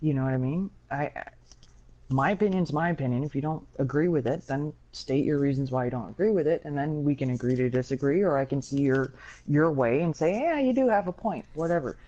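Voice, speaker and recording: A woman's voice: rumbling low, brisk, warm tone. A woman telling a story in casual podcast chat, candid and blunt, with plenty of swearing. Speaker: podcast co-host. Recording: dull lo-fi sound.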